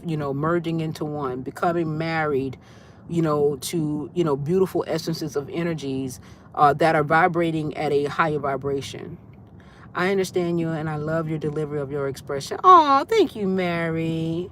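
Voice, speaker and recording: A woman's voice: low-pitched, a little hiss or hum. A woman hosting a casual spiritual livestream, talking loosely and greeting her viewers by name as she goes. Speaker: livestream host.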